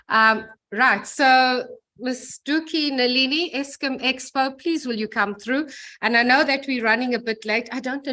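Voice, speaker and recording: A woman chairing a conference session, thanking and introducing speakers, brisk and apologetic. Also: fairly high pitch, pushed and bright.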